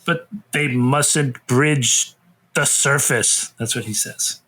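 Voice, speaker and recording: A man co-hosting a comedy podcast, summarizing a movie's plot in a deadpan way with wry asides. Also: mid-range voice, slow. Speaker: podcast co-host. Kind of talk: casual comedic movie recap.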